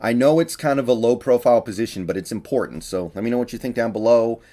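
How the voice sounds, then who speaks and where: A man's voice: mid-range voice, fast talker, dark tone. A man giving a casual, opinionated solo breakdown of football, a little out of breath, with fillers and restarts. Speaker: sports commentator. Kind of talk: casual solo sports analysis.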